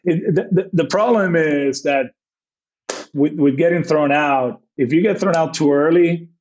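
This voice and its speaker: A man's voice: a little high, measured pace, a little mellow, highs cut off. A man in his forties, a baseball manager, telling rambling stories as a podcast guest, full of fillers and acted-out quotes. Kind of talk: casual storytelling interview.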